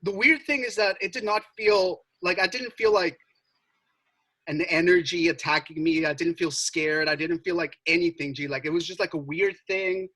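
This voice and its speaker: A young man telling a story in casual chat, animated, swearing and full of filler words. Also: high-pitched, normal speed, low-quality recording. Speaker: podcast co-host.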